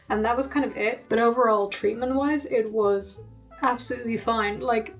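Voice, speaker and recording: Young woman chatting to her camera at home, bit high voice, laughs at herself a lot, faint music behind. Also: a little fast. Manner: chatty and self-deprecating, laughs often. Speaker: vlogger. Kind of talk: casual vlog chat.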